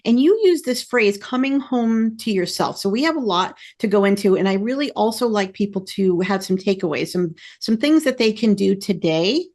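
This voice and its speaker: A woman hosting a podcast interview, chatting in an excited, effusive and rambling way. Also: mid-range voice, normal speed, few pauses. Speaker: podcast host. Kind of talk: casual interview chat.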